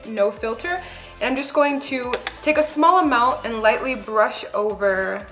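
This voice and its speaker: A young woman chatting through a makeup tutorial, explaining each step in a relaxed, talkative way with the odd light laugh. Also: a little high. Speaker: beauty vlogger. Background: background music.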